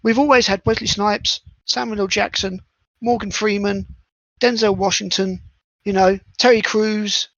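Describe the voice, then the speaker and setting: A man's voice: high-pitched, steady tone, measured pace, fairly bright tone, dry recording, muffled recording. A man co-hosting a casual podcast chat, blunt and opinionated, swearing freely. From Britain. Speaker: podcast co-host.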